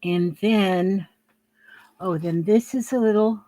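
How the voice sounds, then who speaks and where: A woman's voice: mid-range voice, slow pace, dark tone, no room sound. An older woman talking casually to camera at home while she shows her handmade crafts, rambling and homey, with lots of fillers and restarts.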